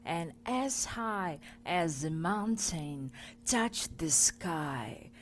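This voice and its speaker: A woman reading aloud, voicing an older, wiser male furry creature who speaks gently and tenderly. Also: fairly low pitch, lively intonation, extremely slow, slight background noise. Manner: gentle, tender storybook delivery.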